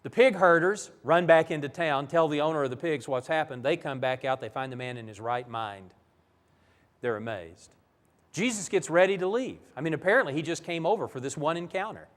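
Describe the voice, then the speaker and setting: A man's voice: fairly high pitch, a little fast, big-room sound. A man preaching a Bible lesson in a church, telling the stories vividly. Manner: animated, vivid storytelling. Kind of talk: sermon-style Bible lesson.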